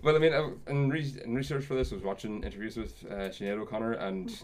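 A man hosting a podcast in casual chat, lively and argumentative, swearing freely. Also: lowish voice, fast talker, slight background noise. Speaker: podcast host.

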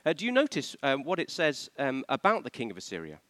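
Male preacher, animated sermon delivery, bright voice, dry close sound. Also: medium pitch, quick pace, no echo. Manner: animated, questioning the congregation, acts out quoted voices.

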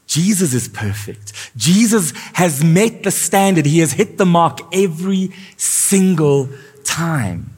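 A man's voice: a little high, expressive, slow, a little mellow, husky. A male pastor preaching a sermon, asking his congregation questions as he goes. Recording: live church sound with long reverb.

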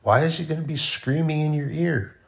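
A man giving an informal, conversational sermon, often dropping to a quiet voice. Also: fairly high pitch, steady tone, a little fast, gravelly. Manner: conversational, with sudden soft drops to near-quiet. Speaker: preacher.

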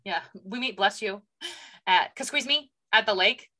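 Bright-voiced woman podcaster, animated. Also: medium pitch, measured pace. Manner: animated, acts out characters' lines. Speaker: podcast co-host. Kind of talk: casual chat.

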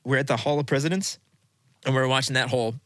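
A man in his thirties hosts a casual podcast chat, telling wild stories with loose swearing and laughter. His voice is bright and forceful, recorded close and dry with no room sound. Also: medium pitch, quick pace, no room sound. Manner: animated, swears freely, laughs mid-story. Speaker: podcast host.

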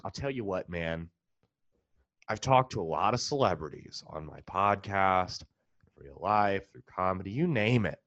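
Low-sitting but a bit bright, this man's voice carries a comedic rant that's profane, sarcastic, and exasperated; he's a comedian who hosts a podcast. The dull, lo-fi recording is dry with no room sound.

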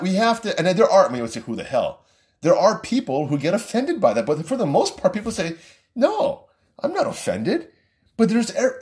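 A middle-aged man talking in an exasperated, ranting vlog style, often circling back to repeat himself. His voice sits in a middle register but leaps around animatedly as he talks. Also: medium pitch. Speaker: vlogger. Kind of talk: casual opinion rant.

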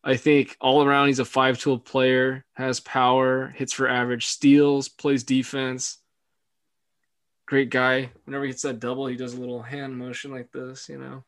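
Young male podcast co-host, easygoing and giggly, mid-pitched, dry close recording. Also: completely flat delivery, normal speed, a bit bright, no echo. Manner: laughs often, hedging fillers. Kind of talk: casual sports podcast chat.

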